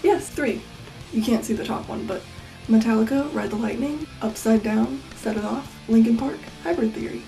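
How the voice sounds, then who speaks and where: An eighteen-year-old woman vlogging casually at home at night, with a deadpan, self-mocking delivery that now and then drops to a whisper. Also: a little high, moderate pace, gravelly, recorded from a distance, soft background music, low-quality recording. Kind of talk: casual Q&A vlog.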